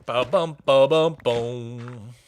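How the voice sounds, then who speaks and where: A young man streaming a game, chatting casually and answering his audience with animated, jokey energy. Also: mid-range voice, drawn-out words, a little hiss or hum. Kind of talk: casual chat while playing a game.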